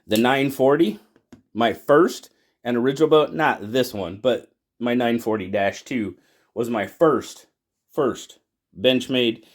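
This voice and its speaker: A man hosting a casual knife collection video, talking in a relaxed, rambling way that often repeats and restarts. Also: mid-range voice, slow pace. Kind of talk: casual product review talk.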